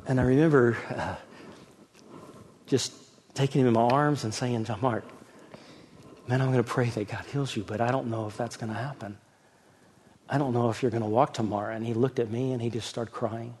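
A middle-aged pastor preaches a sermon built around a personal story, swinging between loud emphasis and soft, hushed telling. His mid-range voice has fairly even intonation at normal speed with frequent pauses, over slight background noise.

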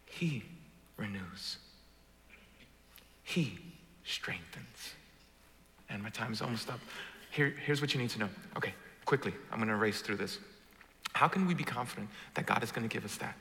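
Animated New preacher in a big hall. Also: male voice, fast. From Brooklyn. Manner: animated, swings from booming to hushed, jokes with the crowd. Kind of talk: sermon. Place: church auditorium. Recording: large reverberant hall.

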